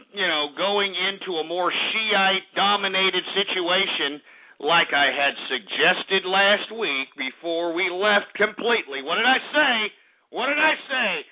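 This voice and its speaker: A man hosting a talk radio show, ranting and swearing with bursts of mock outrage. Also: high-pitched. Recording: tinny phone-like audio.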